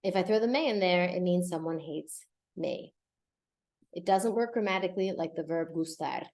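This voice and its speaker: Brief: female podcast host teaching Spanish, lively, drills pronunciation. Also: fairly low pitch. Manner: lively, repeats words slowly to model pronunciation. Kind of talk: casual podcast lesson.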